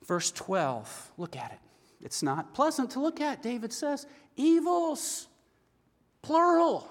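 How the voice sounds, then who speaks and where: A middle-aged male pastor speaks in a high, light voice, earnest and conversational, turning often to questions for his listeners. His sermon rings out in a long, reverberant church hall. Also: huge pitch swings, measured pace.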